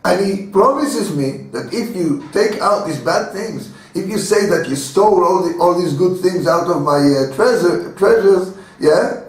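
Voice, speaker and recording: A man teaching a Torah class in a halting, earnest way, with many fillers and restarts. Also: high voice, expressive. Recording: echoey room, voice from a distance.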